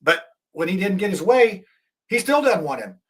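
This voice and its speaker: A man's voice: high voice, very animated, moderate pace, fairly bright tone, slightly rough. A man hosting a talk show, giving heated political commentary in an indignant, rambling way with many restarts.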